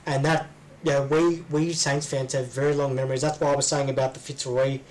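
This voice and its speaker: A man's voice: medium pitch, flat delivery, a little fast, a little mellow, rough recording. An Australian man co-hosting a casual chat, rambling with lots of ums and restarts. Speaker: podcast co-host.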